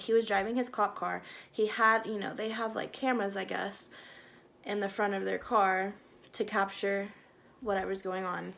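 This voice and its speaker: A woman's voice: mid-range voice, vocal fry. A woman vlogger telling a personal story in a casual, rambling way, with fillers and self-corrections.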